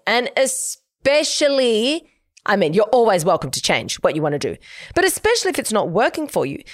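A young woman talks through her podcast in a chatty, emphatic way, giving advice. Her voice sits a little low for a woman, and the recording is dry and close. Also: dry recording. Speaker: podcast host. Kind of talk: casual solo podcast chat.

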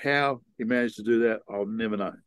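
A man's voice: on the low side, a little fast, clear, resonant tone, dry recording. An older man, a podcast guest telling stories in a frank, rambling way with many ums and restarts. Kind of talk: casual storytelling conversation.

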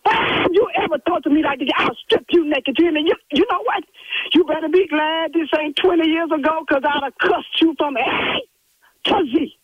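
A woman's voice: high voice, normal speed. A woman from a church who lectures an angry caller over the phone in an indignant, preachy way. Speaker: church member who answers the call. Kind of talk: phone call. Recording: muffled phone line.

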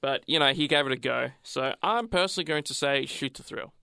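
A man's voice: medium pitch, fairly quick, gravelly, pushed and bright, clear, resonant tone, dry recording, studio quality. A man, chatting about rock records on a podcast, hesitant with many ums and restarts. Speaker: podcast co-host, music fan. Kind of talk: casual music discussion.

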